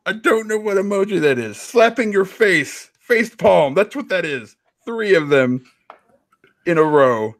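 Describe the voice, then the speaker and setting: A man reads tweets aloud in a silly put-on accent, slow and deliberate, his pitch leaping up and down with mock drama. He sits a little high for a man and talks over a remote call mic on a casual podcast. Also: expressive. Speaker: podcast co-host.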